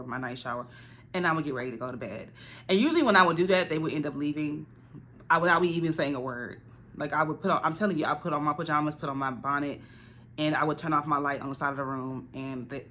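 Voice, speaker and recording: A young woman telling a story casually, animated and dramatic, acting out quotes and saying "like" often. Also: fairly low pitch. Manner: animated, dramatic retelling with acted quotes and frequent "like". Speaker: vlogger.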